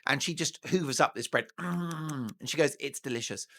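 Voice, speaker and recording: A man's voice: fairly high pitch, normal speed, vocal fry, a bit bright. A man giving scornful, indignant commentary in a theatrical manner. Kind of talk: opinionated commentary.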